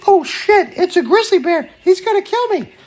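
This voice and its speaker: Man putting on a shrill panicky young woman. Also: animated, normal speed, a bit bright. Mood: panicked. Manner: high squealing falsetto, breathless.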